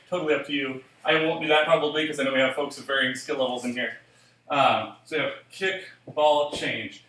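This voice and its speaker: A man's voice: on the high side, sharp tone, recorded from a distance. A man teaching a solo jazz dance class, counting beats and calling steps aloud while he demonstrates. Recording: echoey room, voice from off the mic.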